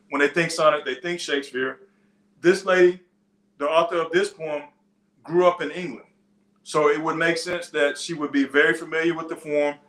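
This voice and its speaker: A man's voice: a little high, sharp tone, roomy sound. A man preaching a sermon in a loose, conversational teaching style, with frequent restarts and side stories. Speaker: pastor. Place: church.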